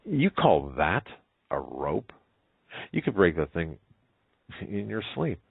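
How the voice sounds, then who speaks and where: A man's voice: extremely low pitch, expressive, normal speed, creaky, husky, dry recording, heavily acted. A man voicing a bold, encouraging little girl in a read-aloud story. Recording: tinny phone-like line.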